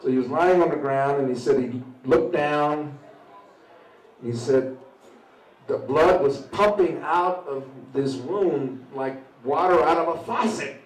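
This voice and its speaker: A man in his sixties, a veteran telling a personal story at an open mic in a halting, conversational way with frequent "you know" tags. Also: on the high side. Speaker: veteran speaker. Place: open mic at a small venue. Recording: roomy sound from a distant mic.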